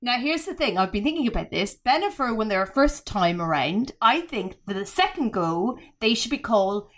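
A woman's voice: on the high side, big pitch swings, a bit bright. A woman with an Australian accent hosting a podcast, gushing and playful in casual chat. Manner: gushing, playful, quick asides. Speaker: podcast host.

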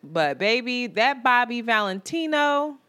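A woman co-hosting a podcast in casual chat, animated and laughing, jumping from loud outbursts to low mutters. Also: measured pace, clear, resonant tone. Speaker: podcast co-host.

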